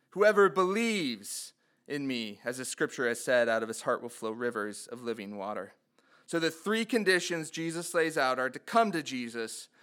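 A man's voice: fairly high pitch, fairly bright tone. A man preaching a sermon, reading scripture aloud and putting earnest rhetorical questions to his listeners. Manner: reads scripture aloud, rising in fervor on quoted cries.

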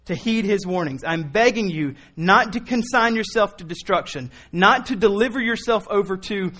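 A man preaching a sermon in an earnest, pleading way, moving from quiet reasoning to impassioned appeals. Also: high-pitched, animated, normal speed. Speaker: pastor.

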